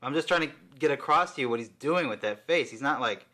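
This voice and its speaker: A man chatting casually and excitedly while reviewing a collectible figure, swearing now and then. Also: mid-range voice, a little fast.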